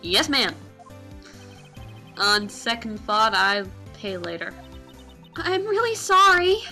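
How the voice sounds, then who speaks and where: A woman's voice: on the high side, sing-song, slow pace, bright, forceful tone, soft background music, exaggerated voice. A woman voicing a meek young male lawyer who stammers and hesitates, in a fan game dub.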